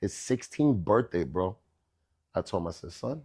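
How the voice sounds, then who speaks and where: A middle-aged man, a chef and podcast guest, telling stories in a casual, animated way and often checking in with "bro" and "right?". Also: deep voice, normal speed, slightly rough. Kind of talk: casual storytelling chat.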